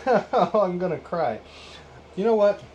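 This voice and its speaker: A man's voice: high voice, animated, slow pace, darkish tone, lo-fi sound, a little hiss or hum. A man in his thirties restringing a guitar in a casual how-to vlog, ranting with sarcastic, exasperated swearing. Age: 30s. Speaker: YouTube host.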